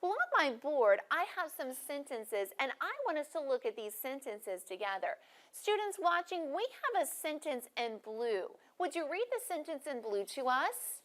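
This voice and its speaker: A woman teaching a first grade class, speaking clearly and encouragingly to students watching on video. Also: sits high, big pitch swings, a bit bright. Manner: clear, encouraging, deliberately paced teacher talk.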